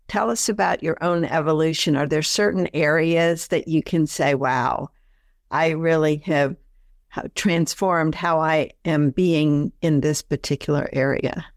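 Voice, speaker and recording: A woman hosting a coaching podcast, asking an interview question in a measured, inviting way. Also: deep voice, darkish tone, no echo, clean studio sound. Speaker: podcast host.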